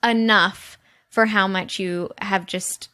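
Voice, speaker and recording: Bright, giggly woman podcast co-host. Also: medium pitch, steady tone, takes it slowly. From Texas. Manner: giggly, teasing. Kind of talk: casual chat.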